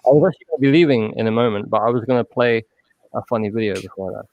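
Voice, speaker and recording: A man's voice: fairly low pitch, very fast, no room sound, lo-fi sound. A man in casual stream chat with a dry, wry sense of humor.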